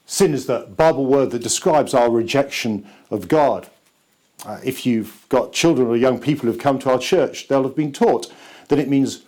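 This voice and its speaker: A man, a church pastor, preaching a sermon slowly and emphatically, with dramatic pauses. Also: medium pitch, warm tone.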